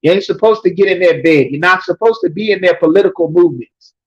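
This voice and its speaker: A man teaching a scripture class, reading verses slowly and then explaining them emphatically, often checking with "you understand?". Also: high voice, husky. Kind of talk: preaching scripture breakdown. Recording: dull lo-fi recording.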